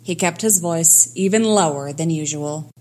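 A woman narrating a fan fiction story in a lively storytelling manner. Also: low-pitched, moderate pace, a little hiss or hum.

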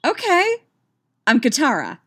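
A woman's voice: sits high, wildly swooping pitch, measured pace, fairly bright tone, pitched above the performer's own voice, exaggerated voice. A woman voicing a frustrated, stubborn young girl in a martial arts class. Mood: delighted.

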